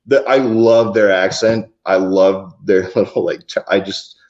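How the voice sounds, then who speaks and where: A man co-hosts a podcast in loose, rambling chat, often restarting his sentences and breaking into laughs. His voice sits a bit low, and the recording sounds dull and lo-fi. He is from the US West Coast. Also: steady tone, measured pace, darkish tone. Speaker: podcast co-host. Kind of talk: casual chat.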